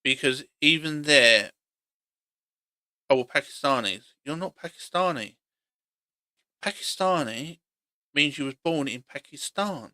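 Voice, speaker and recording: A man's voice: a little high, lively intonation, measured pace, sharp tone, no room sound. A man giving a blunt, opinionated monologue for his vlog, hammering the same points over and over. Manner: blunt, argumentative, repeats points. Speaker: opinion vlogger.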